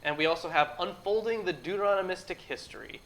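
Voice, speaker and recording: A man's voice: sits high, quick pace, a bit bright. A man co-hosting a casual group discussion, laid-back, laughing often and swearing offhandedly. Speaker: co-host.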